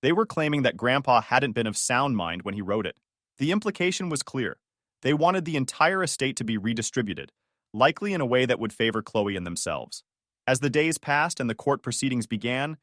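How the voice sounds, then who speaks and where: Lively male story narrator, dry sound. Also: medium pitch, fairly quick, no echo. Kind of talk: first-person story narration.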